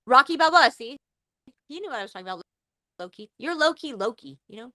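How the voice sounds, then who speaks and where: A playful woman host rambling through a casual live podcast, cursing freely as she jokes. Her voice is fairly high and swoops animatedly, and it is recorded dry and close. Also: animated, fast, a bit bright, no room sound.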